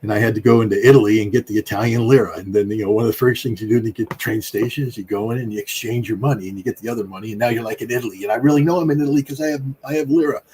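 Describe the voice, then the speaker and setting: A man's voice: on the low side, a little mellow, a little hiss or hum, poor audio. An American man in his sixties, speaking as an interview guest in a rambling, emphatic way with frequent fillers. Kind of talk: casual interview talk.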